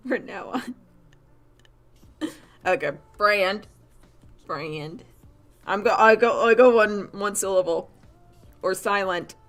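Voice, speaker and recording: A woman chatting casually while she draws on a live stream, rambling and animated, laughing often and filling her talk with "like". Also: medium pitch, takes it slowly, pauses often, soft background music. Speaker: artist streamer.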